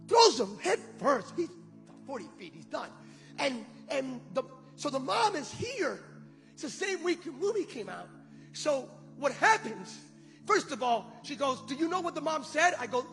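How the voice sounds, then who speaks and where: A man preaching a sermon as pastor, telling a story with animated quotes and building to loud shouted calls to the congregation. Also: extremely high pitch. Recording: long hall reverb with music behind.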